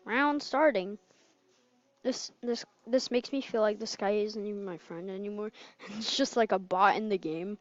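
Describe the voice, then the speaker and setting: A woman giving casual gameplay commentary, excitable and quick to laugh and yell. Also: medium pitch, no room sound, highs cut off. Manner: excitable, laughs and yells at wins and deaths. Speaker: gamer.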